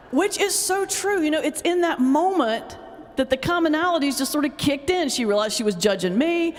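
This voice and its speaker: A woman pastor giving a humorous lecture, telling lively stories and laughing often as she speaks. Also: sits high, normal speed, noisy background. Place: lecture hall. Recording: long hall reverb.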